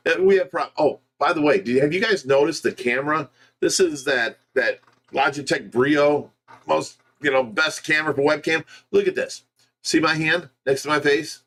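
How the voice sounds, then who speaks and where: A man with a slightly high voice co-hosts a loose livestream chat. He teases his partner and laughs often. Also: fairly bright tone. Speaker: co-host.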